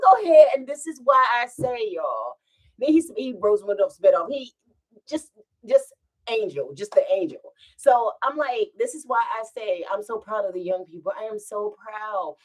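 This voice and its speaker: A woman vlogger, chatting casually at home and telling a rambling story with frequent laughs. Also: a little high. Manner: animated, rambling, laughs often.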